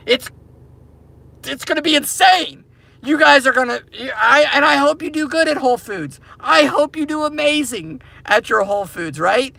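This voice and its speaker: A man rants to his viewers from his parked car, hammering the same points over and over like a preacher. His voice sits high and bright with a gravelly edge. The sound is close and dry. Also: expressive, unhurried, no room sound. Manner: repetitive, emphatic, preachy. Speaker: crypto mining channel host. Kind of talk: casual ranting monologue to viewers.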